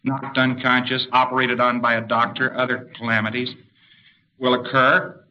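A man's voice: mid-range voice, flat delivery, moderate pace, lo-fi sound, slight background noise. A man giving an explanatory spoken lecture and pointing to a diagram. He now and then acts out short spoken commands.

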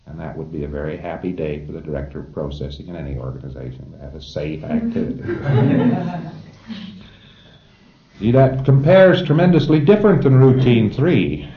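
A man's voice: low-pitched, big pitch swings, normal speed, reverberant, dull audio. A man giving an informal lecture to a class of trainees, emphatic and wry, chuckling at his own jokes.

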